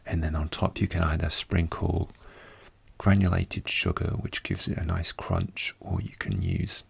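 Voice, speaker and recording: A British man talking in soft-spoken ASMR, his low voice full of gravelly fry and breathy air. He speaks slowly and gently right at the mic, often falling into a whisper. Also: big pitch swings. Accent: British English. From Britain. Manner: slow, soft speech drifting into whispers. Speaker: ASMR creator.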